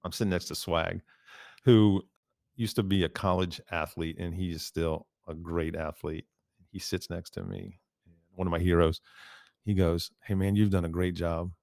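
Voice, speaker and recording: Man, deep voice, dry, casual chat, animated storytelling. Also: normal speed, no room sound. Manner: animated storyteller, quotes others often. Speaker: podcast guest.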